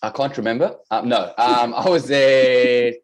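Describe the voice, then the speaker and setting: A man's voice: mid-range voice, steady tone, unhurried. A man with a South African accent, a podcast guest chatting casually over a video call with dry, joking humor. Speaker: podcast guest, fitness coach.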